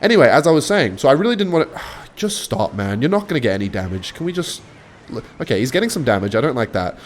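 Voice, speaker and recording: A young man chatting excitedly while playing a game, mixing play-by-play commentary with a story. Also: medium pitch, quick pace, a little hiss or hum. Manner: excitable, chatty, swings between hype and muttering. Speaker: gaming YouTuber. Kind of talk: live gameplay commentary with storytelling.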